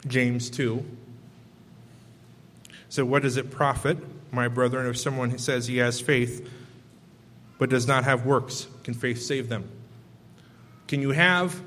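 A man's voice: medium pitch, a bit bright, slight background noise. Man preaching in an echoing hall. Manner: rhetorical questions, loose and off the cuff. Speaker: pastor. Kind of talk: sermon.

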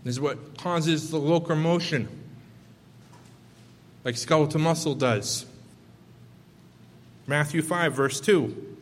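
A man's voice: on the high side, takes it slowly, long pauses, in a large hall. A male pastor giving a sermon, talking loosely and off the cuff and throwing out rhetorical questions to the congregation.

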